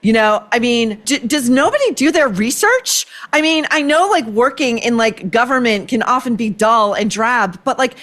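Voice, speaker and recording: A woman's voice: on the high side, lively intonation, normal speed, hardly any pauses, fairly bright tone. A woman hosting an opinion commentary show, talking in a sarcastic, indignant, worked-up way. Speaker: podcast host.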